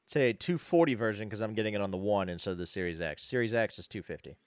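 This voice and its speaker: A man's voice: on the low side, fast, no echo, clean studio sound. A man on a two-person podcast, telling a story in casual chat, swearing a lot and acting out the people he quotes. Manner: swearing, animated retelling with quoted voices. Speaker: podcast co-host.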